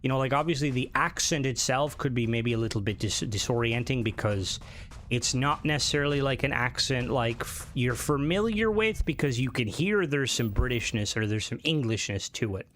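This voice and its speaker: A man's voice: medium pitch, lively intonation, normal speed, fairly bright tone, slight background noise. A young man with an Americanized Irish accent, streaming a game live and chatting with viewers in a casual, rambling way with frequent swearing. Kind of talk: live gameplay commentary.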